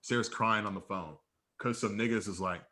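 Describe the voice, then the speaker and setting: A man's voice: fairly low pitch, normal speed, sharp tone. A young man co-hosting a podcast, telling stories in casual, slangy, profane chat with acted-out dialogue. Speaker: podcast co-host.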